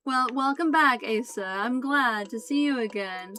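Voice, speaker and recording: A woman hosting a live stream, her voice a touch high. She chats with viewers, thanks them by name and reads their messages aloud between bits of narration. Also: a little slow, bright, forceful tone, faint music behind. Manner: chatty and apologetic, reading out chat messages. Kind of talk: live-stream chat and tabletop-style narration.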